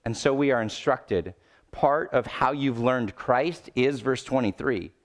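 A male pastor preaching a sermon, swinging between loud urgent pleading and low, quiet emphasis. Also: measured pace.

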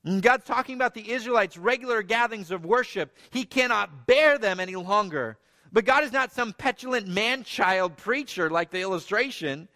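A man's voice: high-pitched, lively intonation, moderate pace, in a large hall. A man preaching a sermon, earnest, dropping to near-whispers and rising to emphatic passages. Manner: earnest preaching, swinging between hushed and emphatic.

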